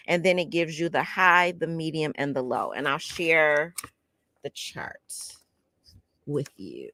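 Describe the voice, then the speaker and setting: A woman's voice: deep voice, fairly bright tone, no room sound, clean studio sound. A woman, reading a self-help book aloud and breaking off for sassy, chatty asides. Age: 50s. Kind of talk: casual reading with commentary.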